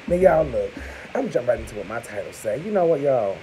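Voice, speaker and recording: A man in character as a security guard, delivering a sassy, gossipy comedic rant to camera with loud exclamations. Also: medium pitch, big pitch swings, brisk, slight background noise, poor audio.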